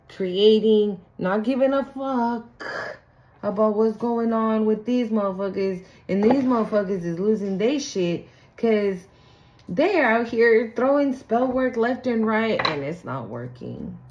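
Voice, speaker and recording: A woman's voice: medium pitch, expressive, a little slow, a little mellow, lo-fi sound, slight background noise. A woman doing a casual spiritual tarot reading, blunt and profane, acting out the people she talks about. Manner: blunt, profane, acts out quoted people in sing-song voices. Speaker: tarot reader.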